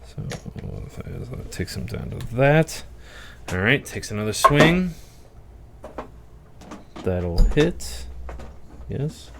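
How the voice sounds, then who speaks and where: A man's voice: medium pitch, big pitch swings, very slow, vocal fry, long pauses, slight background noise. A man running a tabletop game as its game master, narrating combat and dice rolls in an easy, chuckling way.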